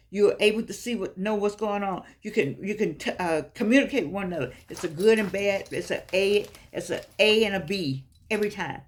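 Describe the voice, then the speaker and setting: An older woman chatting casually to her viewers, emphatic and preachy, repeating herself for effect. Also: mid-range voice. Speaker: vlogger.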